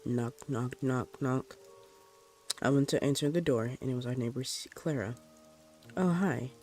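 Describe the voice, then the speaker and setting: A man reading a first-person horror story aloud in a plain, unhurried way. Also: mid-range voice, steady tone, darkish tone, soft background music.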